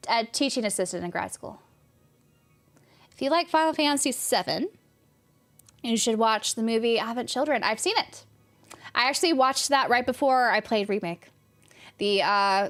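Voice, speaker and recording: A young Californian woman with a light local accent and a fairly bright, higher-pitched voice chats casually on a game stream. She rambles and laughs as she responds to chat.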